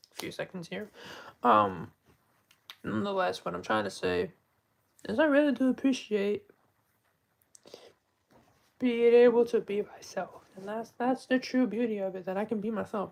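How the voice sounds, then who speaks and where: A woman talking in a casual live stream monologue, soft-spoken and heartfelt, often trailing off and restarting her sentences. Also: medium pitch, vocal fry, poor audio.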